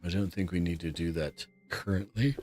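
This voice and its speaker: A man hosting a relaxed let's play, chatting and musing aloud as he plays. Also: low voice, normal speed, faint music behind. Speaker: gameplay host.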